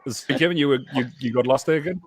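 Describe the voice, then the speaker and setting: A man's voice: medium pitch, fast, husky. A man hosting a casual panel chat on a video call, jovial and teasing with his guests. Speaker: podcast host.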